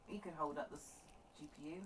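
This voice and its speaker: A woman's voice: low-pitched, fast talker, a bit bright, distant mic, a little hiss or hum. A woman co-hosting a live stream, reading out viewer comments and teasing the host. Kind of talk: casual live-stream chat.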